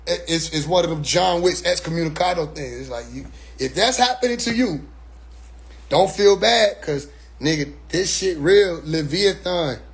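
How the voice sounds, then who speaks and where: High, husky-voiced man talking animatedly. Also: moderate pace. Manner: animated, repeats words as he restarts. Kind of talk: casual spoken monologue.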